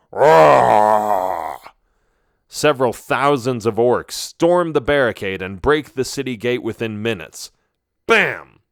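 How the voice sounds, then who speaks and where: A man's voice: medium pitch, dry recording, clean studio sound. A man narrating a fantasy adventure audiobook in a dramatic, emphatic way. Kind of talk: scripted storybook narration.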